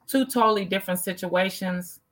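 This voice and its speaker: Woman, bright tone, casual conversation, animated storyteller. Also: medium pitch, a little fast. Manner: animated storytelling, acting out quoted exchanges.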